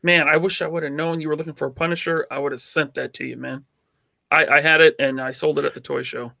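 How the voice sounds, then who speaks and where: A man's voice: on the high side, fairly even intonation, fast talker, vocal fry, sharp tone, no echo. A man co-hosting a casual podcast, opinionated and teasing, with lots of fillers. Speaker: podcast co-host. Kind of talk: casual chat.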